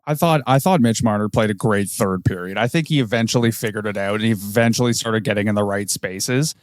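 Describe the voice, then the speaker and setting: A man co-hosting a hockey podcast, talking in an animated, excitable way with some swearing. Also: lowish voice, brisk, dry recording. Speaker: podcast co-host. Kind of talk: casual hockey chat.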